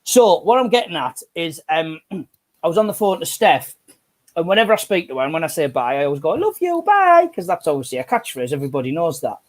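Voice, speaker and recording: A man's voice: a little high, quick pace. A man, chatting and telling sweary stories as co-host of a live stream on an earphone mic. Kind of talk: casual chat.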